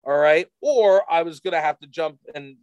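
A man casually telling a rambling, animated story full of fillers to a friend. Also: fairly high pitch, moderate pace, clean tone, no room sound, dull audio. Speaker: storyteller in a chat.

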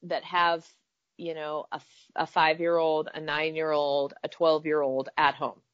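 A woman's voice: deep voice, level tone, a little slow, dry recording. A woman hosting a podcast, chatting casually and laughing easily with her guest. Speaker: podcast host. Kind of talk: casual interview chat. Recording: dry, dull lo-fi sound.

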